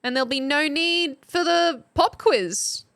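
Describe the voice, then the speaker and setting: Slow-talking woman streamer. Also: sits high, gravelly, a bit bright. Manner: reads chat entries aloud, laughs often. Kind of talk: casual live-stream chat.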